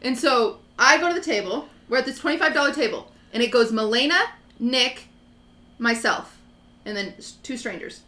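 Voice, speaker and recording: Bright-voiced woman streamer telling a story. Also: on the high side, normal speed, reverberant. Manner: animated, acts out quotes. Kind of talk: casual storytelling chat.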